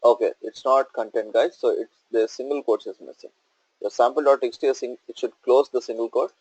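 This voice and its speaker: A man's voice: medium pitch, fairly even intonation, brisk, dark tone, breathy edge, no room sound, dull audio. A male instructor walking through a coding tutorial on screen, explaining step by step and checking in with "okay?" and "right?".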